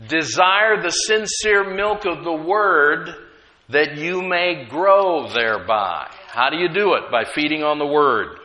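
A man's voice: fairly high pitch, lively intonation, slow pace, sharp tone, dull audio. A man preaching a sermon, emphatic, repeating key phrases and leading the congregation in call-and-response.

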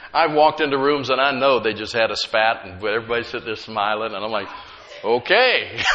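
A middle-aged man preaching a sermon with emphatic delivery, rising loud then dropping quiet, and slipping in humorous asides. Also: fairly low pitch, highs cut off, slight background noise. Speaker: pastor.

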